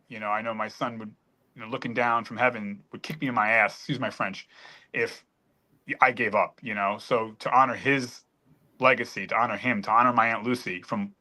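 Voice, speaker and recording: A man's voice: mid-range voice, pushed and bright. A middle-aged man telling a painful personal story on a panel, earnest and emphatic, choked up at times. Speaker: panel guest.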